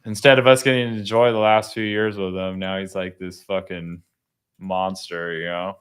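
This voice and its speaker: A laid-back young man chats casually on a podcast in a lowish voice. He laughs easily, swears freely and drops "bro" and "dude" throughout. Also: little pitch movement, moderate pace, clean tone. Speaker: podcast host. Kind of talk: casual chat.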